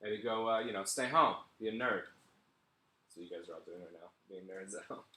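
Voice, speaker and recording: A man performing stand-up over a live stream, his voice bright and forceful. He delivers sardonic, deadpan asides and keeps chuckling at his own material. The sound bounces around a roomy, echoey space picked up by a laptop mic. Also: on the low side, brisk. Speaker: stand-up comedian.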